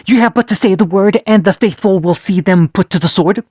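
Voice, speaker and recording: A man's voice: high-pitched, fairly quick, darkish tone, slightly rough, no echo, clean studio sound. A man voicing a zealous, over-polite male cult devotee who worships the hero, in a fan fiction story read aloud. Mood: fawning.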